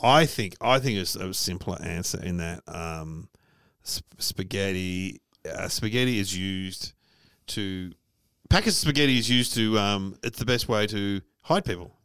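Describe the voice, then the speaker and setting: A man's voice: low-pitched, measured pace, fairly bright tone, clean tone, dry recording. A man co-hosting a podcast, telling jokey stories in casual chat and laughing often. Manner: chatty, laughing, jokey storyteller. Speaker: podcast co-host.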